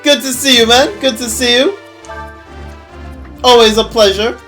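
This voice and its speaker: A man with a high, bright voice chats casually with his viewers while playing a game. He gushes, gets excited easily and laughs often, with faint game music running underneath. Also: a little slow. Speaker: streamer. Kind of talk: casual gameplay stream chat.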